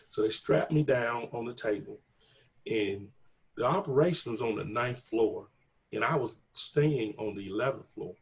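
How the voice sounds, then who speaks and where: A man telling a personal story in a conversational way, acting out each exchange of dialogue with earnest conviction. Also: mid-range voice. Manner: acts out dialogue, repeats "I said" and "he said"; earnest, faith-filled testimony. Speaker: interviewee telling his story.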